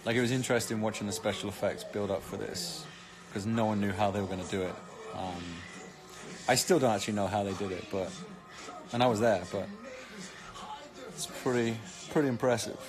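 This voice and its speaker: A man's voice: on the low side, fairly quick, pauses often, over music. A British man chatting casually on a live stream, reading comments with cheeky, joking banter. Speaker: actor streaming live to fans.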